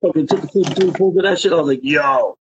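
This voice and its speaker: A man's voice: high voice, very fast, a little mellow, dull audio, a little hiss or hum. A man telling stories in a casual interview, swearing and filling his talk with "you know what I mean". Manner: rambling, profane street talk with many fillers. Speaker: interview guest, graffiti writer.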